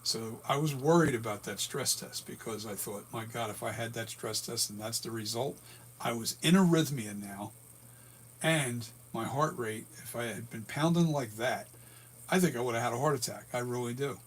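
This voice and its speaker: A man in his sixties, hoarse from a breathing tube, telling a rambling story with many self-corrections in a casual vlog. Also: mid-range voice, moderate pace. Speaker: latex mask and prop maker.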